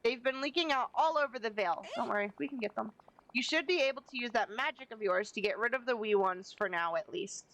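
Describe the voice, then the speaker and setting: A woman's voice: fairly high pitch, fast, fairly bright tone. A woman voicing a spirited young woman archer princess, reading game dialogue aloud in a plain voice with no accent. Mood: upbeat.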